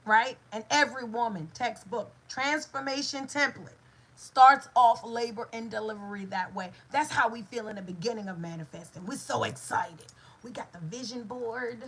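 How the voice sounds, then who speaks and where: Middle-aged woman, husky and forceful, preacher-like motivational coach. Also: a little high, normal speed, low-quality recording. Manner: preacher-like, repeating phrases, lively asides. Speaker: doula and manifestation coach. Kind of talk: motivational talk.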